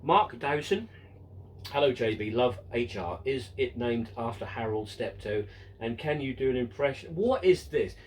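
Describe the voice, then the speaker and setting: A man's voice: medium pitch, animated, a little slow. Man, fifties, casual Q and A host, jokey, self-mocking, stop-start delivery, slightly distant mic, faint background noise. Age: 50s. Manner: jokey and self-mocking, many ums and restarts. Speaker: model railway channel host. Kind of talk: casual Q and A, reading out viewer questions.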